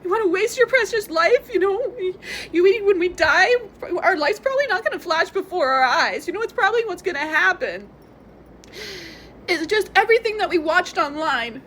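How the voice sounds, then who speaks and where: Very high-voiced tearful woman vlogger. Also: animated, normal speed, a bit bright, a little hiss or hum. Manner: rambling, emotional, laughing through tears. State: tearful and congested. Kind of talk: confessional vlog monologue.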